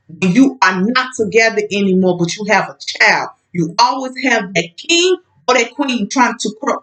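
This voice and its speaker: A woman's voice: mid-range voice, a bit bright, low-quality recording. A woman telling a personal story in a casual vlog, outspoken and emphatic, talking straight at an absent ex-partner.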